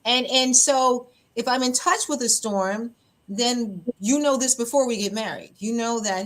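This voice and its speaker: A woman pastor hosting a podcast, telling a personal story in an open, animated way, often laughing and acting out what others said. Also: on the high side, unhurried.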